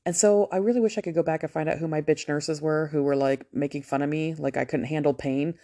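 A woman's voice: deep voice, fairly even intonation, fast, dark tone. Candid, foul-mouthed woman nurse telling a story. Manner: candid, profane, chatty. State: just out of anesthesia after a procedure. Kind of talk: casual storytelling to camera.

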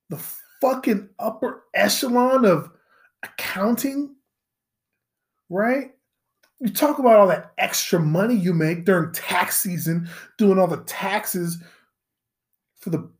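A man hosting a solo podcast, telling a story as a profane, rambling rant and repeating himself in mock disbelief. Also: high voice. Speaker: podcast host.

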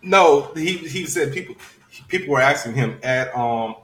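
A man's voice: mid-range voice, expressive, normal speed, a bit bright, far from the mic. Young man, podcast co-host, argumentative casual talk, echoey room, a bit away from the mic. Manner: argumentative, exasperated. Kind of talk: casual banter.

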